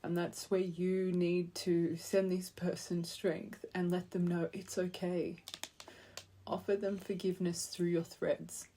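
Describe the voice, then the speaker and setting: A woman's voice: fairly low pitch, flat delivery, unhurried, warm tone, a little hiss or hum. A woman giving an earnest, heartfelt tarot reading, speaking straight to the viewer and rambling with fillers. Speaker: tarot reader. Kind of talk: intuitive tarot reading to camera.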